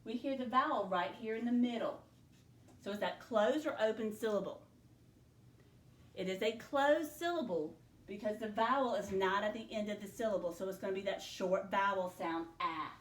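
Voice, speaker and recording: A woman's voice: medium pitch, normal speed, far from the mic. A woman teacher leading a spelling dictation lesson, patiently sounding out words letter by letter. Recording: echoey room, voice from the mic.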